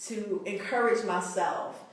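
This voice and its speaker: A woman guest poet and singer, soft-spoken and reflective, talking about her own pieces in an interview. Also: medium pitch, fairly even intonation, unhurried. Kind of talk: interview conversation. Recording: very echoey room, voice far from mic.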